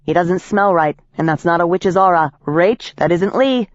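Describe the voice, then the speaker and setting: A woman voicing a brash, tiny male pixie fighter who talks in a quick, scrappy, mouthy way. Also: fairly low pitch, no echo, muffled recording, natural voice. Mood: insistent.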